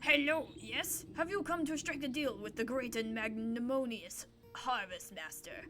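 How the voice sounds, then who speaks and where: A woman puts on a wheezing old scarecrow spirit, pompous and slow, with every word drawn out. Her voice sits somewhat high, and game music plays in the background. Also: lightly acted.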